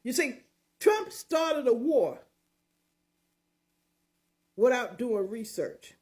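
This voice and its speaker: A woman's voice: a little high, big pitch swings, drawn-out words, darkish tone. An older woman hosting her own opinion show, talking in a sassy, mocking, emphatic way. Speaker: commentary show host. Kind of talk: opinionated commentary.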